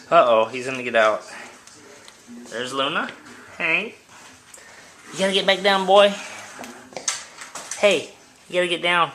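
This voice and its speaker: A man's voice: on the high side, a little slow, pauses often, sharp tone, a little hiss or hum. A man filming his cats at home on a handheld camera, chatting casually and cooing at them in a raised voice. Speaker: cat owner filming his pets. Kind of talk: casual home video narration. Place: indoors at home.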